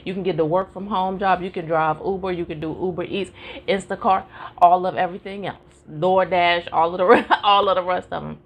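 A woman teaching a live-streamed Bible study in an animated, preacherly way, calling out to her listeners and urging them on. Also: on the low side, a little fast. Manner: animated, preacherly call-and-response.

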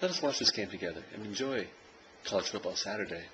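Young man, football fan vlog, shouty cheering, lively swings in pitch, noisy home recording. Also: fast talker. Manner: swings from quiet chat to loud cheering shouts. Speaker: fan filming himself watching a game. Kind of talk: casual vlog, reacting to live football.

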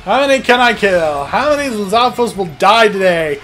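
An excitable, wisecracking commentator does casual let's-play commentary, his medium-pitched voice leaping around a wide, lively range at normal speed with few pauses. He's sarcastic and laughs often, while faint game music plays underneath.

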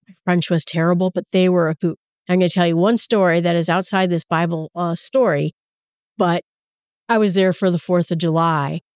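A woman teaches scripture in a relaxed, conversational way and wanders into personal anecdotes and asides. Her voice sits a little low for a woman. The recording is dry and close, with no room sound. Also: no echo. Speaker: Bible teacher and podcast host. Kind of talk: casual Bible teaching with personal stories.

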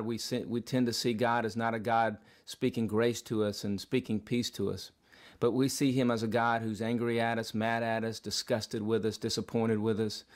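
A man giving a daily devotional Bible teaching in a vlog, speaking earnestly with repeated phrases and occasional restarts. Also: medium pitch. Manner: earnest, repetitive preaching cadence with restarts. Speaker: vlogger preacher.

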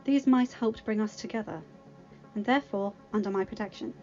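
A woman reading aloud, voicing a gentle but firm young king in a softer, lower tone. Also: brisk, muffled recording, soft background music, lightly acted. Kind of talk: storybook reading.

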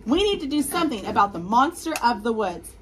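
A calm but bossy owl rallying scared forest friends with loud exclaimed lines, as a woman reads the story aloud. The voice sits higher than an everyday voice. It rings out across a classroom, with faint noise behind it. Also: a little fast. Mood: commanding.

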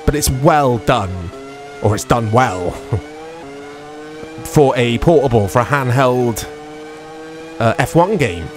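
A man's voice: mid-range voice, animated, takes it slowly, pauses often. A man giving casual, rambling commentary while playing an old racing game. He is self-deprecating and full of tag questions. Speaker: retro game reviewer. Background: background music.

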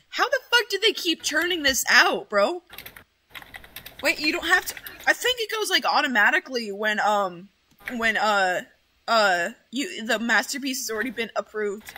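Woman streaming, super high and bouncy voice, swears a ton, rambles excitedly. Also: a little hiss or hum. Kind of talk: casual livestream chat.

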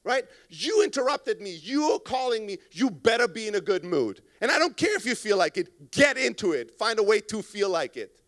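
A man giving an energetic, profane talk on a conference stage into a microphone, acting out reactions to phone calls. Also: high voice, moderate pace. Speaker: conference speaker.

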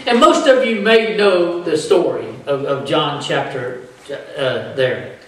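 A man preaching a sermon as pastor, with animated delivery that acts out the voices of the people in his story. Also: a little high, slow, slight background noise. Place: church sanctuary. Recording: echoey church from far off.

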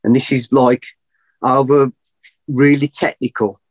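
A middle-aged man telling a long story as a podcast guest, animated and rambling, often laughing at himself. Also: medium pitch, measured pace, no room sound. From England. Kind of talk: casual storytelling.

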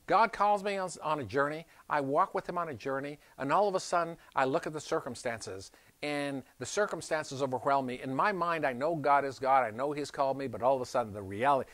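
A man preaching a sermon as a pastor, animated and emphatic, moving between loud stresses and quiet asides as he tells a story and asks questions. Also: mid-range voice, brisk, no echo.

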